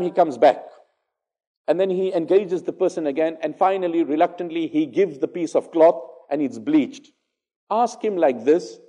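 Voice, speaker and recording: A man giving an Islamic religious lecture, telling stories, acting out dialogue and reciting Arabic verses quickly. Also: a little high, dark tone. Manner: conversational, fillers, repeats phrases for emphasis.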